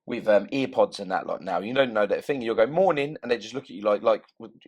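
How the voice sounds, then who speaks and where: Animated man, casual podcast host. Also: lowish voice, fast, dull audio. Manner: animated, acts out both sides of exchanges. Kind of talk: casual chat.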